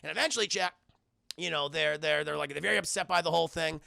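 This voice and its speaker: A man in his thirties doing a live spoiler film review, talking to his viewers in an animated, profane way. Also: fairly high pitch, quick pace, creaky, dry recording, clean studio sound. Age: 30s. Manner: animated, profane, laughs while retelling.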